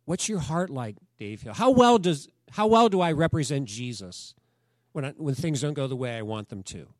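A man's voice: mid-range voice, expressive, normal speed, dry recording, studio quality. A man preaching a sermon, talking in a conversational storytelling way and asking the congregation questions. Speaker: pastor.

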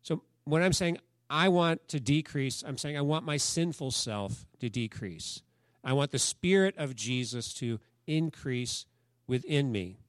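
Speaking at a measured pace in an animated mid-range voice, a male pastor tells stories and quizzes his congregation during a sermon. The studio sound is clean, without echo.

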